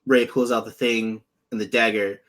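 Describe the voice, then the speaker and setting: Dude on a podcast, swears a lot, laughs, does goofy voices for the characters. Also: male voice, moderate pace. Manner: animated, laughs often, acts out characters in high voices. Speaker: podcast co-host. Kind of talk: casual profane chat.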